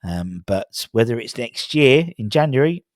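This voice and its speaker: A man's voice: medium pitch, lively intonation, measured pace. A man hosting a football fan channel, chatting casually through transfer news with lots of ums and restarts. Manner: rambling, many fillers and restarts.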